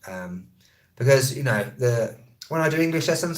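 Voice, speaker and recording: A man, a travel vlogger who also teaches English, chatting casually on a live stream and answering viewer comments, quick and chatty, often correcting himself mid-sentence. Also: medium pitch, lively intonation.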